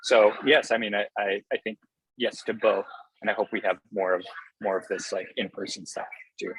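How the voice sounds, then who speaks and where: A man's voice: on the low side, steady tone, moderate pace, a bit bright, slight background noise, poor audio. A man being interviewed as a film director, talking in an earnest, enthusiastic way that often halts on fillers. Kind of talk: casual interview answers.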